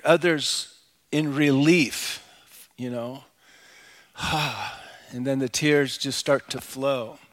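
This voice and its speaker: A middle-aged man delivers a sermon as pastor, talking in a chatty, reflective tone full of personal asides. His voice sits a bit higher than most men's. The live recording carries the long reverb of a church hall. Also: a bit bright. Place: church sanctuary.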